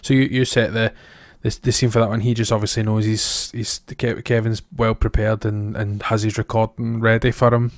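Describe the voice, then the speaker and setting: A man's voice: lowish voice, level tone, normal speed, few pauses, no room sound, clean studio sound. A Scottish man co-hosting a podcast, chatting casually about a film in a rambling, self-deprecating way with frequent laughs. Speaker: podcast co-host. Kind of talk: casual film review chat.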